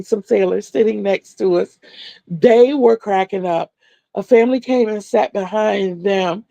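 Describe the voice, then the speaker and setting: A woman's voice: mid-range voice, vocal fry, mellow, dry recording. A middle-aged woman hosting a crochet livestream, telling stories in a chatty way and answering viewers' comments.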